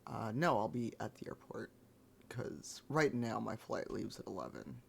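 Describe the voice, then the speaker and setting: A man streaming live, chatting casually with viewers in a rambling, laid-back way, his voice gravelly this morning. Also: on the low side, sing-song, moderate pace, a bit bright. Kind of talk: casual chat.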